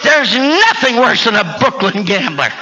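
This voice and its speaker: A man preaching a fiery sermon, swinging from low asides to high shouted climaxes and calling out to people in the congregation. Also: very animated, measured pace. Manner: calls out to listeners in the congregation. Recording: dull lo-fi recording with faint noise.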